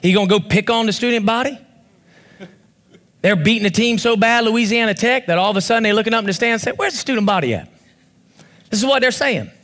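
A man preaching a sermon as pastor, animated and often shouting, with bursts of fast talk. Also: sits high. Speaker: pastor and youth football coach.

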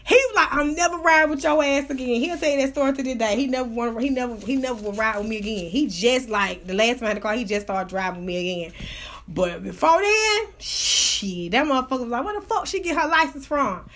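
Brief: woman host, high bright voice, brash profane storyteller. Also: fast talker. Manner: loud, profane, animated storyteller. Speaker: radio show host. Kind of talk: casual storytelling monologue.

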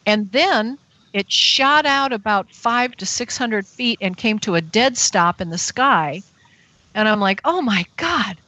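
Woman telling an earnest, animated story. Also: fairly high pitch, dry recording, poor audio. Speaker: guest. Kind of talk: personal story on a talk radio show.

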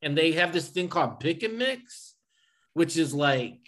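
Male co-host, slightly raised pitch, loose and profane, remote chat. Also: unhurried. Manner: swearing, animated, laughs often. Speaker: podcast co-host. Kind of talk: casual chat. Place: home, remote video call.

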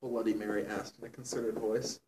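A man's voice: fairly low pitch, level tone, brisk, darkish tone. A young man reading a fan story aloud in a mock-serious way and breaking off to comment between lines. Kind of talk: comedic dramatic reading. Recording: roomy, distant mic with faint noise.

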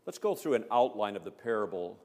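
A man's voice: lowish voice, big pitch swings, a little mellow. Man preaching in a reverberant church. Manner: emphatic, measured preaching with rising stresses. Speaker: pastor. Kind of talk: sermon.

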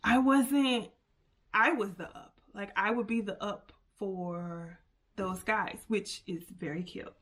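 A young adult woman hosting her own podcast, talking casually and warmly to listeners with plenty of fillers and asides. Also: medium pitch, takes it slowly. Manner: chatty, animated, lots of fillers and asides. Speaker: podcast host. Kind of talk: casual solo podcast chat.

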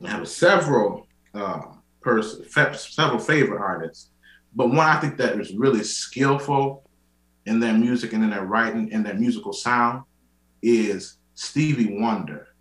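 A young man, a guest on a podcast, telling stories expressively in casual chat. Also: normal speed. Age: young adult. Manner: expressive, jumps high for acted quotes. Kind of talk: casual chat, animated storytelling. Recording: roomy echo.

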